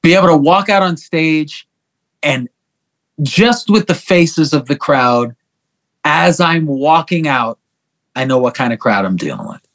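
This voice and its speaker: A middle-aged man telling stories as a guest on an interview show, animated and profane. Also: on the high side, measured pace. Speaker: guest musician. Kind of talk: casual interview chat.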